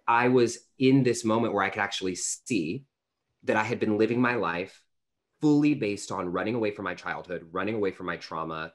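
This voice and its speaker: A man's voice: low voice, a bit bright. A man in his thirties, an interview guest telling a personal story earnestly, with lots of fillers. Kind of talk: storytelling in conversation.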